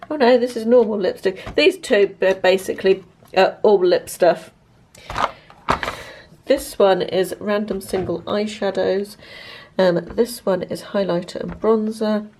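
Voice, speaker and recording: A woman, talking chattily and rambling through a casual vlog with many pauses. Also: medium pitch, a little mellow. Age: 50s. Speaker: lifestyle vlogger. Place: car, then at home.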